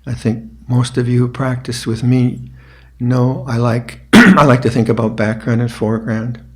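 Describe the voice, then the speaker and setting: An older man, a meditation teacher, giving a reflective dharma talk on a retreat, speaking slowly with pauses and restarts. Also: medium pitch, fairly even intonation.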